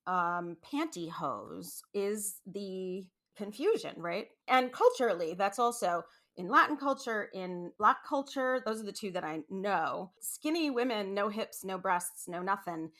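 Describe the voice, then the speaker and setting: A woman hosting her own podcast in an easy, unscripted monologue. She rambles and circles back, restarting sentences and tossing in asides, with lively bursts of emphasis. Her voice sits at a middling pitch. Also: measured pace, few pauses. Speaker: podcast host. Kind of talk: casual solo podcast monologue.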